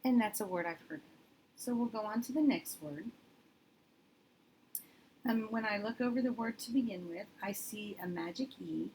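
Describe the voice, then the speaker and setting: A woman teacher demonstrating step by step in a steady, methodical way, thinking aloud as she works. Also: lowish voice, low-quality recording. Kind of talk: instructional demonstration. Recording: faint background noise.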